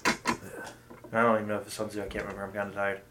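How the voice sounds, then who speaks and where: A man's voice: on the low side, fast, very noisy. A man playing a tabletop game, joking around and musing aloud about his character's plans. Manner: animated, joking, sometimes trails off tiredly. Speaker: player. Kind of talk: casual play banter.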